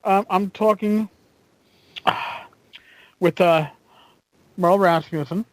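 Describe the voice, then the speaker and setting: A man's voice: high voice, no room sound, low-quality recording. A man co-hosting a podcast, telling stories in casual chat with lots of fillers and restarts. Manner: animated storyteller, halting with fillers. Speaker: podcast co-host.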